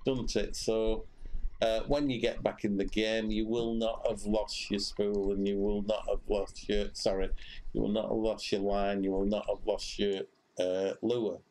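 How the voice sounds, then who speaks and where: A man's voice: fairly low pitch, little pitch movement, unhurried, a little mellow. A man giving casual commentary while streaming a fishing game, rambling with many fillers and restarts.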